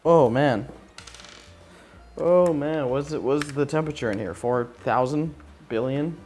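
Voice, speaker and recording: A man's voice: medium pitch, a little slow, a little mellow, faint music behind. A man vlogging his PC build in a casual, profane and sarcastic way, ranting in frustration as he works. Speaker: tech YouTuber.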